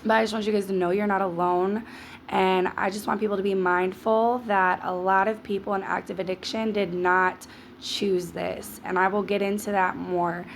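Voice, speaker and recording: A woman's voice: medium pitch, flat delivery, moderate pace, vocal fry, slight background noise. A woman telling her own story to camera in a frank, emphatic, casual way. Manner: frank, emphatic, calls listeners "baby". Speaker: social media creator sharing her story.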